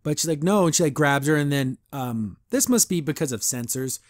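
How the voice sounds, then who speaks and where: A man's voice: on the high side, animated, brisk, no echo. Exasperated man ranting on a podcast. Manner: exasperated, sarcastic, laughs often, mimics characters in mocking voices. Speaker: podcast host reviewing a cartoon episode. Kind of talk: casual recap and rant.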